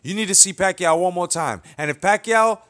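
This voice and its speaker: The host of a boxing commentary channel, a young man, rants in a profanity-laced, heated opinion video and keeps asking "you know what I'm saying." His voice sits high with a fairly bright tone, and his pace is a little fast.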